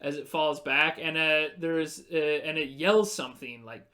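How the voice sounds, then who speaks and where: A man's voice: on the high side, a little slow, bright, forceful tone. A man running a tabletop game as game master, narrating the action and explaining the rules as he goes.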